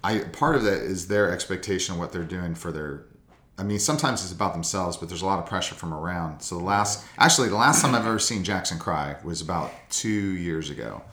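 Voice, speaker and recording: A man's voice: deep voice, brisk. A man hosting a podcast, chatting casually and acting out quotes as he tells stories. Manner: animated storytelling, acts out quotes. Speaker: podcast host. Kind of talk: casual chat. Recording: echoey room.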